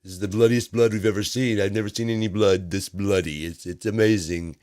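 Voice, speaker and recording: A man's voice: on the low side, fairly even intonation, brisk, a little mellow, no echo, studio quality, natural voice. A man putting on a mocking impression of a boastful, childlike older male president who repeats his bragging.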